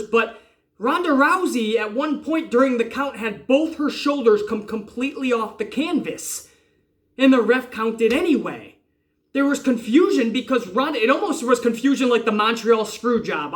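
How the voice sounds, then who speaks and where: A man in his forties or older giving a casual wrestling review, excitable and rambling, swearing freely. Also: high-pitched. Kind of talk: casual profane review rant.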